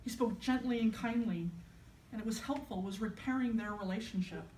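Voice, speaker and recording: A woman's voice: medium pitch, fairly quick, a little mellow, a little hiss or hum. A woman minister gives a conversational, storytelling sermon. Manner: conversational, storytelling, self-deprecating. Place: church sanctuary. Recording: echoey church from a distance.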